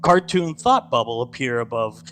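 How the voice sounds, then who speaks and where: A man narrating as game master, telling the scene with lively sound effects. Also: medium pitch, normal speed, soft background music.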